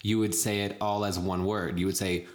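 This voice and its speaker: A man co-hosting a casual podcast chat, explaining things slowly with frequent laughs. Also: low-pitched, level tone. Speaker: co-host.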